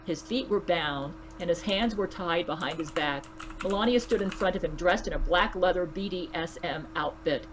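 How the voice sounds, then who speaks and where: A woman reading a story aloud in an even but dramatic narrating voice. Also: lowish voice, moderate pace, slight background noise, low-quality recording.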